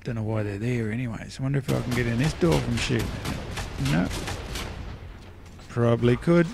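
A man's voice: medium pitch, moderate pace, creaky, background noise. A man with an Australian accent, mumbling and rambling through casual gameplay commentary. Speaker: let's play gamer.

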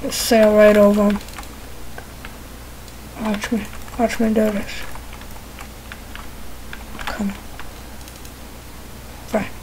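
A woman's voice: medium pitch, little pitch movement, extremely slow, long pauses, a little mellow, slight background noise, low-quality recording. A woman giving casual gameplay commentary, mumbling and playfully talking to herself as she plays. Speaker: gamer.

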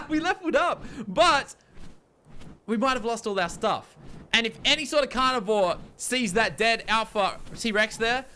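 A man's voice: very high-pitched, pushed and bright, a little hiss or hum. A young man commentating his survival game, panicked and exasperated, repeating himself. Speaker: gaming YouTuber. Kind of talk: let's play commentary.

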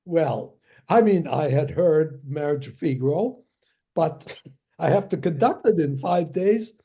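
A man in his nineties from Germany, giving a lecture as a string of anecdotes, halting with many fillers and restarts and chuckling as he tells them. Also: a little high, animated, warm tone, slightly rough. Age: 90s. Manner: chuckles while recounting stories.

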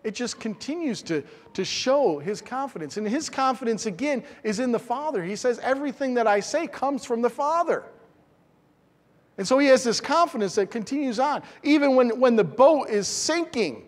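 A man's voice: very high voice, lively intonation, normal speed, few pauses, long reverb tail. A middle-aged man preaching a sermon in a church, earnest and emphatic, repeating phrases for stress. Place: church sanctuary.

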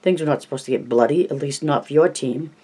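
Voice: medium pitch, fast, mellow, slightly rough. An amateur audiobook reader narrating plainly, with coughs, stumbles and self-corrections.

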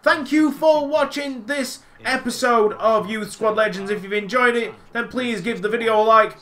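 A young man commentating his own football video game, excitable and often shouting at the match. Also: very high-pitched, normal speed. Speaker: YouTube gamer.

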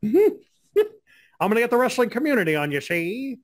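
A weak, whiny old-time mobster, as a man puts him on makes empty threats in a nasal gangster drawl. The voice sits high and swings widely in pitch. It carries a comic, deflated menace. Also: huge pitch swings, moderate pace, full character voice. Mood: mock threatening. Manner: nasal gangster drawl ending lines with "see?". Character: whiny powerless male 1940s-style mobster, impression of a wrestling journalist.

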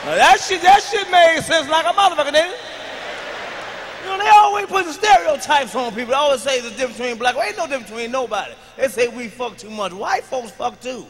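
A man doing a live stand-up routine on a large stage into a handheld mic, brash and profane, dropping to mutters and rising to shouted punchlines. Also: very high voice, expressive, quick pace, in a large hall, a crowd in the background, background noise. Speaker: stand-up comedian.

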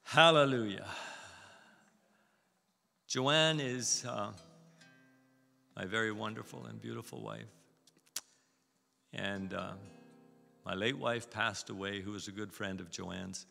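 A man's voice: lowish voice, lively intonation, takes it slowly, vocal fry, long pauses, bright, forceful tone, big-room sound, soft background music. A man in his seventies, a guest preacher giving a chatty, folksy, anecdotal sermon in a church. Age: 70s. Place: church sanctuary.

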